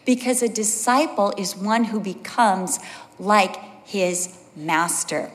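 A woman's voice: medium pitch, takes it slowly, fairly bright tone. Woman preaching in a reverberant hall. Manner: personal storytelling with acted quotes. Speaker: Bible teacher. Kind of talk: sermon.

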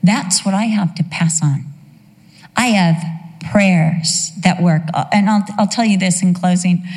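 A woman's voice: mid-range voice, moderate pace, a little mellow. Middle-aged woman telling a sermon story. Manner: emotional, emphatic personal storytelling. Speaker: preacher. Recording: long hall reverb.

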